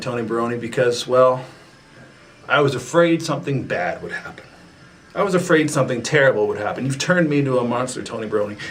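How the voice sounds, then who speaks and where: A comic performer doing a whiny, petulant rant as a wrestler, with slow repeated chanting and bits of singing. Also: male voice, mid-range voice, a little hiss or hum, low-quality recording. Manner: sings along to a ukulele. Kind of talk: comedy rant monologue. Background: faint ukulele.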